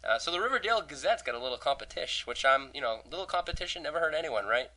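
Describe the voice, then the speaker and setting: Hoarse young man hosting a podcast. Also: fairly high pitch, animated, racing, sharp tone, rough recording. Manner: rambling, profane, joking, many restarts. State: hoarse, lost voice. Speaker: podcast host. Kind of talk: casual podcast chat.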